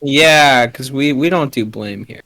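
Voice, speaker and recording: A man's voice: mid-range voice, measured pace, a crowd in the background. A man joking and teasing fellow players in a casual tabletop game.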